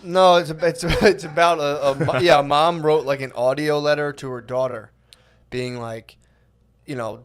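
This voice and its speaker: A man's voice: mid-range voice, steady tone, moderate pace, clear, resonant tone. A man co-hosting a comedy podcast, telling a long rambling story in casual chat, full of "like" and "dude". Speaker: podcast co-host.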